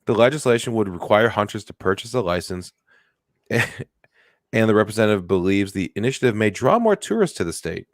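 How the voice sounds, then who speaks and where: A man's voice: lowish voice, very animated, a little fast, no echo. A man co-hosting a comedy podcast in loose, joking chat. He teases his co-hosts as he goes. His voice sounds dry and close. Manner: joking, teasing. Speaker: podcast co-host.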